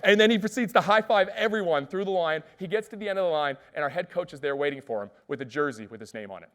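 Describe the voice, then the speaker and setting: A man giving an energetic keynote speech, telling stories and asking the audience questions. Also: a little high, fast. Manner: lively, asks the audience questions. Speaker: keynote speaker.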